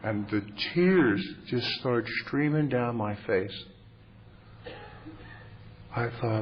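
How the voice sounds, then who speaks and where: A man's voice: medium pitch, slow pace, pauses often. Wry man in his fifties telling his story. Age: 50s. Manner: wry, plainspoken, self-mocking. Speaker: recovery meeting speaker. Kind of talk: humorous confessional storytelling. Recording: muffled lo-fi tape with faint hiss.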